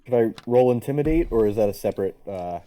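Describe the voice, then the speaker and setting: A man playing a tabletop game, asking eager, quick questions. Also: fairly low pitch, animated, dark tone. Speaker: player. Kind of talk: casual tabletop play.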